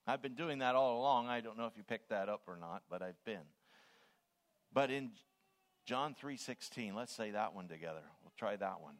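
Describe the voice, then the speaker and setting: An older man delivers a sermon with a lively, rising and falling voice. He leans hard on single words and swells loud whenever he quotes scripture. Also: mid-range voice, moderate pace. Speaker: preacher.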